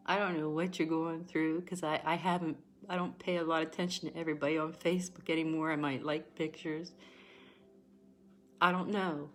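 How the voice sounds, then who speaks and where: A woman's voice: low voice, flat delivery, brisk, fairly bright tone, faint music behind. A woman giving a livestream tarot reading with a pep talk. She is emphatic and encouraging, chatty, and often close to tears. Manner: emotional and emphatic, sometimes near tears; chatty and encouraging, rambling asides. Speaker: tarot card reader.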